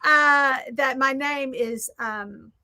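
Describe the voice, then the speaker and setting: A Southern American woman hosting, chatting casually and rambling while she crafts, quick to poke fun at herself. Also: sits high, bright, forceful tone. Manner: chatty, rambling, self-deprecating. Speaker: host.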